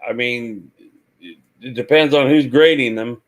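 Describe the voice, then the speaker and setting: A man on a talk show, telling a lively anecdote and acting out the voices. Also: medium pitch, unhurried. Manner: animated, acts out voices in anecdotes. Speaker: guest, reseller. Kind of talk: casual storytelling.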